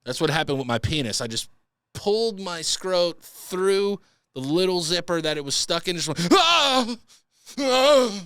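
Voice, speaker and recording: Young man, comedy podcast host, crude riffing, bright tone. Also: on the high side, moderate pace, smooth, dry recording, clean studio sound. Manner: animated, crude, breaks into silly voices. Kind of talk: comedic story reading and riffing.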